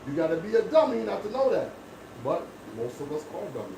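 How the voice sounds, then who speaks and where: Man with a high voice, lecturing emphatically. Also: very animated, a little fast, creaky, warm tone, distant mic. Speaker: barber. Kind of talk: casual barbershop chat. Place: barbershop. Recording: echoey room with background noise.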